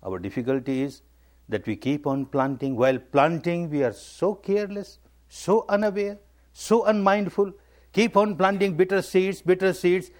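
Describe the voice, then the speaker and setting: A man's voice: high-pitched, steady tone, normal speed, a little mellow. A man giving a spiritual talk, emphatic and repetitive, stressing key words. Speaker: meditation teacher. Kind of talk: dharma talk.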